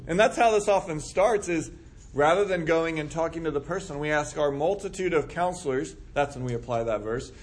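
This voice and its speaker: Fairly high-pitched and a little quick, this man leads a group Bible study in a relaxed, casual teaching style. He chats conversationally and acts out the remarks people might make.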